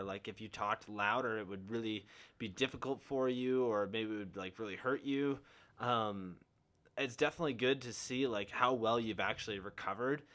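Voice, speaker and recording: A man's voice: medium pitch, bright, forceful tone. A young man hosting a podcast in casual chat, laid-back and encouraging, full of "like" and "um". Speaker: podcast host.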